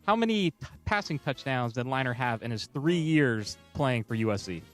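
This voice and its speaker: A man's voice: medium pitch, expressive, normal speed, faint music behind. A man reading sports trivia questions aloud on a radio show. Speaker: trivia quizmaster.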